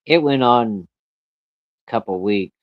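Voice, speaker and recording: A man telling a true story in a folksy, rough-spoken way, chuckling as he goes. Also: medium pitch, a little slow, dry recording, muffled recording.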